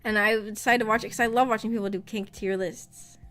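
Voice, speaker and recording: A woman VTuber chatting casually on stream, rambling and often laughing, her voice slightly rough after being sick. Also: medium pitch, fairly even intonation, brisk, a bit bright, soft background music. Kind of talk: casual live-stream chat.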